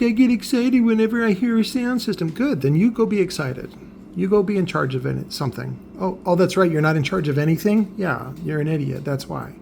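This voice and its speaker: Gravelly, profane ranting man. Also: mid-range voice, a little mellow, a little hiss or hum. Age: older. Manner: blunt, scornful, profane. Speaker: car audio seller.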